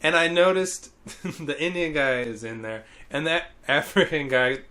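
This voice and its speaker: A man's voice: a little high, unhurried, pushed and bright. A man telling stories in casual chat, swearing freely and mimicking people he quotes. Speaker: podcast co-host.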